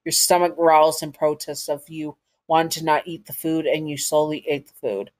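A woman's voice: low voice, steady tone, moderate pace. A woman narrating a second-person audio story to the listener, with casual asides.

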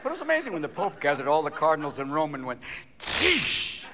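A man doing live stand-up comedy in a large theater, talking fast and jumping between many put-on voices. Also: a little high, wildly swooping pitch, noisy background. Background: audience laughter.

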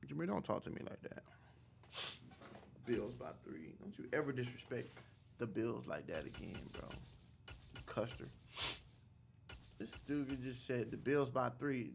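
A man streams a football video game and trash-talks in a gravelly voice. His pitch swings widely as he cusses and reacts, and a faint noise hangs in the background. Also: unhurried, pauses often. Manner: trash-talking, profane, animated. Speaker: gaming streamer. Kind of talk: casual gameplay commentary.

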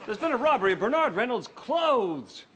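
A pompous bumbling detective. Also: male voice, very high-pitched, big pitch swings, a bit bright, highs cut off, a little hiss or hum, exaggerated voice. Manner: slow, theatrical, self-important. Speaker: sitcom character, detective. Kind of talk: scripted sitcom acting for English learners.

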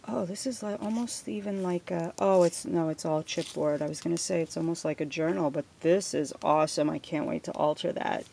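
A woman with a gravelly, slightly low voice gushes over each item as she unboxes a gift package at her home desk. Her home recording has steady background noise, with paper crinkling behind her words. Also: a little fast, few pauses. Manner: gushing, effusive thanks. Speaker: crafting vlogger.

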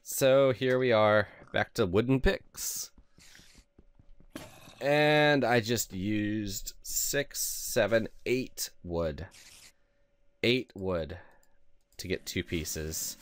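A man giving casual, excitable let's play commentary over a survival game, yelping and laughing as things go wrong. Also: lowish voice, drawn-out words, long pauses. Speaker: gaming video host.

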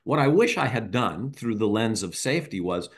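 Animated man telling parenting stories. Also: on the low side, moderate pace. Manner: animated storyteller, acts out dialogue. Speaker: parenting podcast co-host. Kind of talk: casual podcast talk.

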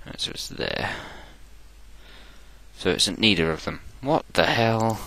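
A man's voice: lowish voice, wildly swooping pitch, unhurried, vocal fry, bright, forceful tone, no room sound. A man with an Essex accent, rambling through game commentary, joking and talking to himself in an irreverent way. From England. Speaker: gaming channel host.

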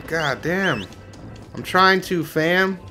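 A man's voice: sits high, lively intonation, extremely slow, music in the background. A man doing gameplay commentary, swearing and exclaiming at the game out of frustration. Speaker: gamer.

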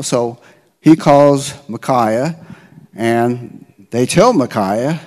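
A man's voice: medium pitch, drawn-out words, darkish tone. Middle-aged male pastor, mid-range voice, chatty and slangy as he retells a story, echoing through a church hall. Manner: casual, slangy retelling with frequent "okay?" check-ins. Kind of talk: conversational sermon storytelling. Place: church sanctuary. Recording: long church-hall reverb.

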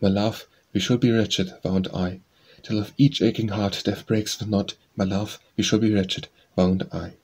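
A man reading poems aloud as an audiobook narrator, in a slow, measured recitation with a husky voice. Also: fairly low pitch, flat delivery, a little mellow. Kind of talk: scripted poetry reading.

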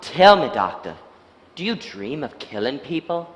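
A man's voice: on the high side, sing-song, unhurried. An actor playing a volatile, sly male asylum patient on a theatre stage, swinging between whispering menace and shrieking pleas. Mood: menacing. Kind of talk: live stage acting. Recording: stage voice with long theatre reverb.

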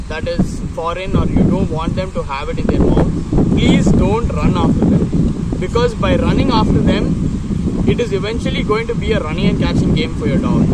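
High-voiced man training a dog outdoors. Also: recorded from a distance, heavy background noise. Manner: upbeat praise to a dog, chatty asides to viewers. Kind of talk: casual instructional talk.

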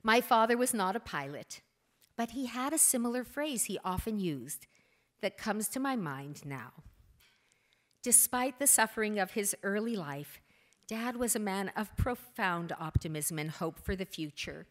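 A middle-aged woman giving a prepared, earnest tribute speech at a hotel gala, measured with emphatic rises. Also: mid-range voice, expressive, fairly bright tone. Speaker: gala speaker, daughter of the foundation's namesake. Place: hotel ballroom.

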